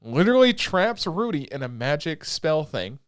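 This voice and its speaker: A young man co-hosting a podcast, recapping anime in a rambling, excitable way with lots of filler words and swearing. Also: fairly high pitch, moderate pace, clear, resonant tone, no room sound, studio quality. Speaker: podcast co-host. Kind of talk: casual chat recapping anime episodes.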